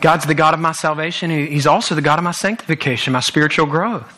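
A man's voice: on the high side, fast, pushed and bright. A young man giving an earnest sermon at a church youth service, often repeating himself as he restarts. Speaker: guest youth speaker.

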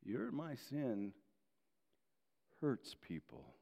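A pastor giving a sermon and telling a story about himself. He is animated, moving between loud emphasis and quiet asides. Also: mid-range voice, takes it slowly, vocal fry. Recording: long reverb of a large hall.

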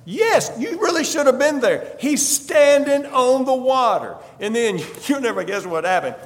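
A man's voice: very high-pitched, very animated, unhurried. A male preacher telling a Bible story dramatically in the first person, emphatic and repeating a refrain, in a church. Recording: long hall reverb.

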